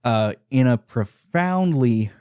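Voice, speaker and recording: Man, podcast host, casual chat, animated retelling, many fillers, dry sound. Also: mid-range voice, slow pace, smooth, no echo.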